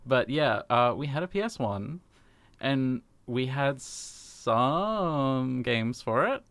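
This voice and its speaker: A man's voice: medium pitch, expressive, takes it slowly, a bit bright, no room sound. A young man co-hosting a radio show, talking in a wry, self-deprecating way with plenty of fillers. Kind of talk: casual chat.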